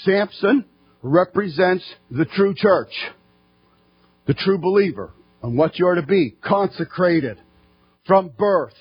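A high, husky-voiced man preaches a fervent church sermon, building to shouting at the peaks. The recording is dull and lo-fi. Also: animated, slow pace, long pauses, soft background music.

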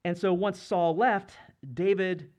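A man's voice: high-pitched, fairly even intonation, slow, a little mellow. A man in his thirties or younger preaching a sermon, earnest and conversational, often asking the congregation questions. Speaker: pastor.

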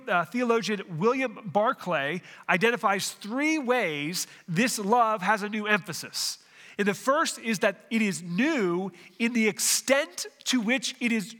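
Preaching a sermon verse by verse, this pastor often restarts phrases and asks the congregation questions. His voice sits high, pushed and bright, with a big-room sound.

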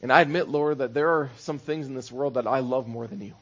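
A man's voice: mid-range voice, a little fast, highs cut off. A man preaching a sermon as pastor, conversational, building into rhythmic repeated phrases.

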